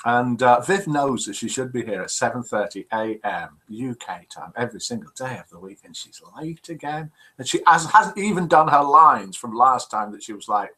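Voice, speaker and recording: A man's voice: medium pitch, animated, moderate pace, hardly any pauses, bright, forceful tone, poor audio. A man over fifty hosting a live online chat show, chatty and teasing as he reads out viewer comments. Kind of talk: casual live-stream chat reading out messages.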